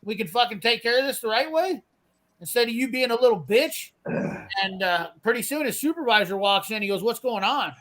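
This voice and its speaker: Guy telling a cussing story, high sharp voice, does all the voices himself. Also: expressive, fairly quick. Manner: brash, swearing, acts out quoted lines. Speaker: storyteller on a live garage show. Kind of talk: casual profane storytelling.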